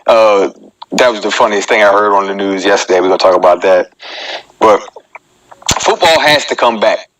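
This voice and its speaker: A man's voice: lowish voice, moderate pace, long pauses, a bit bright, low-quality recording. A man in his thirties, a comedian hosting his own live show and joking in a chatty way as he talks straight to his viewers. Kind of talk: casual live-stream comedy monologue.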